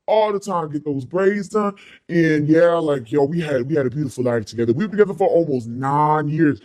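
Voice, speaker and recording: A woman's voice: low-pitched, a little fast, warm tone, pitched below the performer's own voice, natural voice. A woman doing an impression of a boozy, self-pitying middle-aged male neighbor who rambles and repeats himself. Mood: maudlin rambling.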